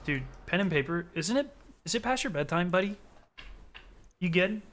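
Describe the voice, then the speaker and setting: A man on a live stream with a crisp, bright voice that sits a little high for a man. He rambles in loose, profane chat and speaks directly to his viewers. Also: lively intonation, normal speed, a little hiss or hum. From Southern United States.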